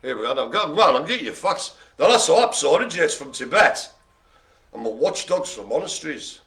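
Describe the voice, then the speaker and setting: Lively, bright-voiced male bingo host. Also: a little high, brisk. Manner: jokey, teasing, rambling. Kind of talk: live online bingo banter.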